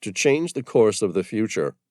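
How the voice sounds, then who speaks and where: A man's voice: lowish voice, big pitch swings, normal speed, darkish tone, dry recording, clean studio sound, pitched above the performer's own voice. A man doing a grim, hunted man. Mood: intense. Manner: grim, intense, emphatic. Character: grim hunted male ex-scientist, fatalistic.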